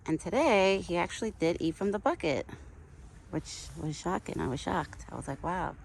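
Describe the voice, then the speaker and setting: A woman's voice: lowish voice, expressive, normal speed, creaky, a little hiss or hum. A woman vlogging outdoors while feeding her pet deer, chatty, cooing to it in baby talk now and then. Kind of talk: casual outdoor vlog. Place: outdoors in a wooded yard.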